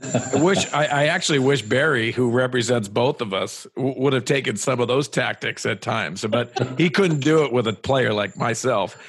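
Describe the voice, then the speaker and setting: Dry-sounding halting interview host. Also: male voice, medium pitch, slightly rough, no echo. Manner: halting, restarts his questions. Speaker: podcast host, former player. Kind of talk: interview questions.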